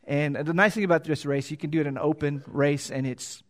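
Middle-aged man, preacher, slightly raised pitch, halting self-deprecating sermon. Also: steady tone. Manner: plain, halting, self-deprecating with many restarts. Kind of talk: Bible reading then casual sermon.

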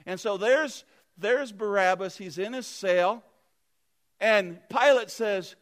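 A man's voice: sits high, slow. A man preaching a sermon, retelling a Bible story earnestly and vividly with restarts.

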